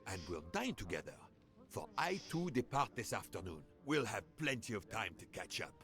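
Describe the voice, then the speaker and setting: A man's voice: on the low side, sing-song, normal speed, fairly bright tone, soft background music. An actor voicing a formal, polite male railway line director in a mystery game. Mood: courteous. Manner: formal, polite, eager to serve.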